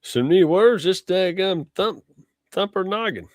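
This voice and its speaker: A man's voice: sits high, animated, measured pace, no echo, clean studio sound. A man, hosting a casual political chat show, joking and teasing his co-host.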